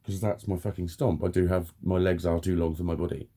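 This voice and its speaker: A man's voice: deep voice, little pitch movement, a little fast, warm tone. A man in a heated, blunt personal rant, swearing constantly as he tells his story to camera. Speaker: vlogger.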